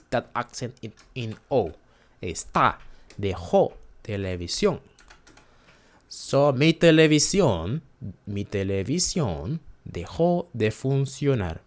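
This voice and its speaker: A Spanish-speaking man with a mid-range voice gives a casual lesson, hesitating and repeating words to model pronunciation.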